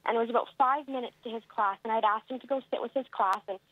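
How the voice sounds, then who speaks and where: A woman's voice: on the high side, quick pace, no room sound, narrow, tinny audio. A woman calling in to a talk show, telling her story plainly and a little hesitantly. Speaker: caller. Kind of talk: phone-in question.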